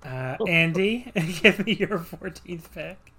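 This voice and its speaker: A man hosting a casual podcast over a voice call, quick and joking as he calls on each guest. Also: sits high, lively intonation, bright, forceful tone, a little hiss or hum. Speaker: host running a wrestling draft.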